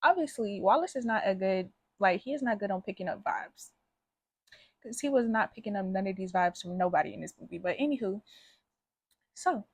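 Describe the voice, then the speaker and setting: A woman's voice: medium pitch, expressive, moderate pace, pauses often, darkish tone, dry recording. A woman recapping a film in a casual, slangy, chatty way, hosting her own channel. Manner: slangy, chatty, acts out characters' lines. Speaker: movie reviewer.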